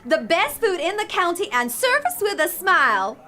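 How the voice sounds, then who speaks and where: A woman doing a Southern American accent as a cheery, folksy diner owner pitching her place in a radio-style ad. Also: sing-song, moderate pace, sharp tone, exaggerated voice. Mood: perky salesy. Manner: upbeat salesy ad pitch. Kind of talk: comedic radio-ad acting.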